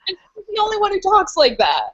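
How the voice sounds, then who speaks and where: A woman's voice: extremely high pitch, wildly swooping pitch, fast talker, fairly bright tone, highs cut off. A young woman co-hosting a podcast in a casual, chatty, giggly way. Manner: chatty and giggly, full of fillers. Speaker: podcast co-host. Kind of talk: casual chat.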